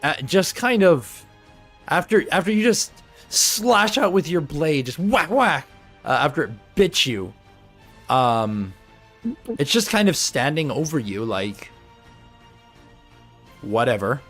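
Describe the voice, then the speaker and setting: A man running a tabletop game as game master, chatty and animated, often laughing as he talks through the rules. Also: a little high, slow, pauses often, soft background music.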